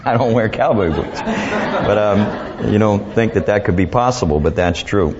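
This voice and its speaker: A man preaching a folksy sermon, relaxed and chuckling, with many fillers, recorded in a church. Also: lowish voice, a little hiss or hum. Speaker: pastor. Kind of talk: folksy sermon with joke-telling. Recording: dull lo-fi church recording, faint ambience.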